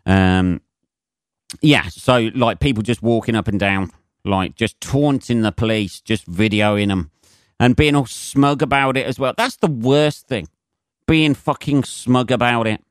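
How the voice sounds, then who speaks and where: A British podcast host speaks at an unhurried pace in a medium-pitched voice, delivering a long, profane solo rant full of swearing, rambling, and mocking put-on voices. The sound is dry and studio-clean.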